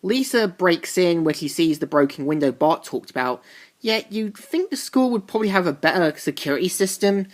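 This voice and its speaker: A woman's voice: fairly low pitch, lively intonation, normal speed. Chatty woman recapping a comic. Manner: chatty, rambling retelling. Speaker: comic reviewer.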